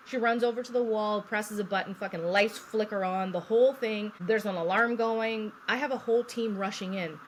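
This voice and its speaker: A young woman chats on a podcast with a mid-range voice, acting out each quote. Her manner stays casual and lively, and she swears freely. A faint hiss sits under the recording. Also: mid-range voice, a little fast, few pauses. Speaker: podcast co-host. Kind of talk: casual storytelling chat.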